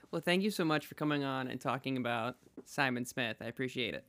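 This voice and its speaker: A man's voice: medium pitch, expressive, normal speed, bright, forceful tone. A man hosting a podcast over a video call, chatty and laughing easily. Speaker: podcast host. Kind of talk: casual podcast interview.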